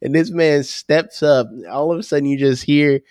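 A man's voice: fairly high pitch, steady tone, moderate pace, darkish tone, clean tone, no echo. Laid-back slangy man, dry mic. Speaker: podcast co-host. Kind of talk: casual chat.

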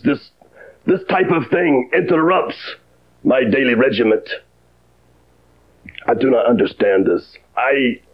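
A sneering, arrogant Russian heel wrestler, with a fake Russian accent. He drags out slow, contemptuous broken English. The sound is dull and lo-fi, like old archival TV. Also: mid-range voice. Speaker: wrestler in promo.

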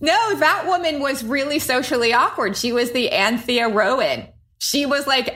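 A woman co-hosting a podcast in casual chat, enthusiastic and quick to giggle. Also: sits high, expressive, bright, forceful tone. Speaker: podcast co-host.

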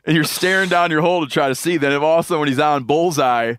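A man's voice: a little high, fast, a bit bright, a little hiss or hum. A man hosting a podcast, telling rambling fishing stories and laughing along in casual chat. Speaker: podcast host.

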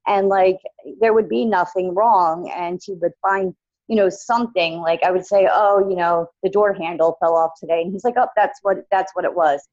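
Low-voiced woman recounting a personal ordeal. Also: steady tone, darkish tone, no room sound, highs cut off. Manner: halting, many fillers like "you know" and "like". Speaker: guest sharing her own experience. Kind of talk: emotional personal account in conversation.

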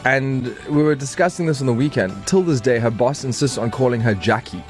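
A man's voice: medium pitch, lively intonation, a little fast, soft background music. A man hosting a call-in radio show, playful and teasing, laughing often. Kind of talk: casual call-in radio chat. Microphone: studio microphone.

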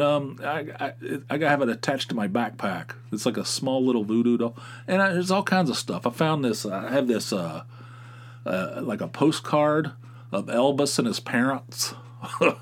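A man from Pennsylvania hosting a podcast, telling a rambling, wry story with profane asides. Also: medium pitch. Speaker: podcast host. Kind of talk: casual storytelling monologue.

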